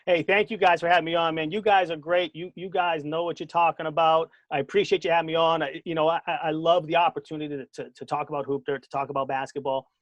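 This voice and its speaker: A former basketball coach with a strong Boston accent chats as a guest on a podcast. His voice sits a bit high and he tells stories with animated energy, laughing and tripping over repeated words. The sound is dry and close. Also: quick pace, few pauses, dry recording, dull audio. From Boston area. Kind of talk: casual podcast chat.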